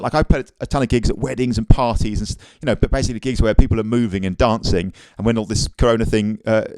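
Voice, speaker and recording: A man's voice: fairly low pitch, darkish tone, smooth, no echo. Chatty male drum teacher counting beats. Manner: chatty and upbeat, counts rhythms aloud. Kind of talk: casual video drum lesson. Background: drum kit playing.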